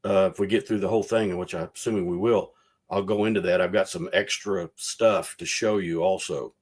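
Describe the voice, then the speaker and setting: A man's voice: low-pitched, a little fast. A man, a former legislator and guest, talking on a video call and recounting events in a rambling way. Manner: rambling, retells quotes in a lively voice. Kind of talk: casual storytelling over a video call.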